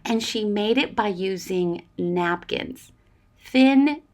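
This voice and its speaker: A woman in her forties chats through a casual craft vlog, gushing with thanks and laughing often. Her voice sits at a middle pitch and swings widely up and down as she talks. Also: lively intonation, measured pace, a bit bright. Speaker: junk journaling crafter. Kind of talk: casual craft vlog, opening happy mail.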